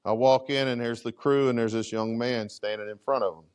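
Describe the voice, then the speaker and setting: A man's voice: brisk, clean tone. A middle-aged man, a fire chief, telling a story to a conference audience in a casual, conversational way. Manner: animated, conversational, acts out dialogue with big pitch swings. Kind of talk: storytelling keynote talk. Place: conference presentation room.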